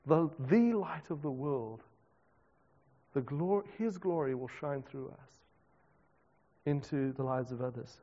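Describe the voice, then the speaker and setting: A man's voice: fairly high pitch, lively intonation, takes it slowly, pauses often. A South African man, a pastor, preaching a conversational sermon with self-deprecating asides. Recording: dull reverberant hall recording.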